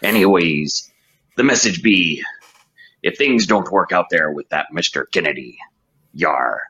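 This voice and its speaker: A man's voice: sits low, measured pace, sharp tone, husky, dull audio, exaggerated voice. A man calling in while voicing a lusty old male pirate captain who growls pirate talk. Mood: leering. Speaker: caller.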